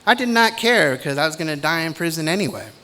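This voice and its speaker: A middle-aged man giving a commencement speech in a measured, deliberate way, with pauses between phrases. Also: a little high, expressive, bright, forceful tone. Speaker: commencement speaker.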